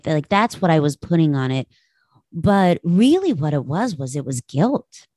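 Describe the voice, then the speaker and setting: A woman in her late thirties talks through a personal reflection with her audience, open and confessional. Her voice sits low, and the recording is close and dry, with no room sound around her. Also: a little mellow, dry recording. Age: 30s. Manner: candid, confessional, addresses listeners directly. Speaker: podcast host.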